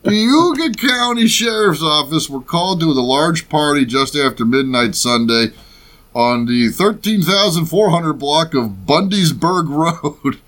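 A man's voice: fairly high pitch, lively intonation, measured pace, a bit bright. A man co-hosting a casual podcast chat, reading a news story aloud with jokes and laughs and stumbling over words. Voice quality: beard. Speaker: podcast co-host.

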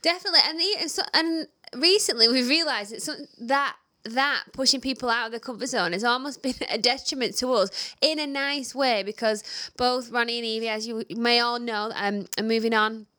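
A woman's voice: a little high, a little fast, hardly any pauses, sharp tone. A young woman co-hosting a casual business podcast, bantering playfully and teasing her co-host.

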